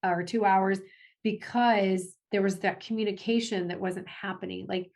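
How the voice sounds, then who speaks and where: A woman, a parent advocate, speaking as a guest in a conversational interview, animated, with frequent restarts and laughs. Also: normal speed, vocal fry. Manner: animated, acts out family quotes with big pitch jumps.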